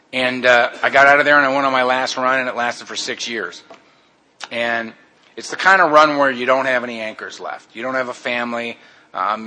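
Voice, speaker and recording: A man's voice: mid-range voice, sharp tone, a little hiss or hum. A man candidly telling his own recovery story in a casual, blunt way, often calling his listeners "man". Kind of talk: personal testimony, casual storytelling.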